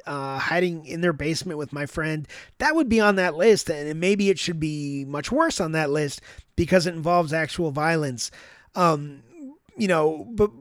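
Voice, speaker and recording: A man's voice: a little high, no room sound. Reflective man telling a story, dry sound. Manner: reflective, frequent "um" and "right?". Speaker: podcast host. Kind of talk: storytelling monologue.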